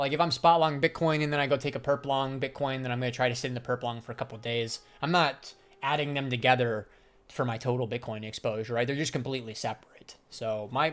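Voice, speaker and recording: A man's voice: mid-range voice, fairly bright tone. Slangy, profane young man streaming. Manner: loose, slangy and profane, laughs often. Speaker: livestreamer and crypto trader. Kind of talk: casual livestream chat, answering chat.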